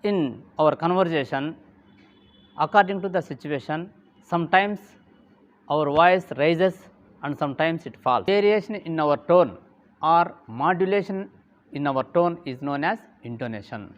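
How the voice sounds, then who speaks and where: A man giving a lesson, speaking deliberately, repeating key terms and saying "okay" often. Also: on the high side, muffled recording. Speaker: English teacher. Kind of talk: classroom lecture.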